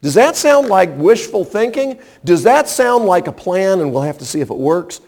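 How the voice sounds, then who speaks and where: A man's voice: sits high, very animated, normal speed, a little mellow. A man preaching a sermon in an emphatic way, often asking the congregation rhetorical questions.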